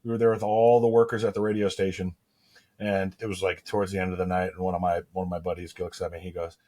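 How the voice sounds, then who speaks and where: A man co-hosting a podcast in casual chat, telling a halting story with repeated words. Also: low-pitched, flat delivery, darkish tone. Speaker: podcast co-host.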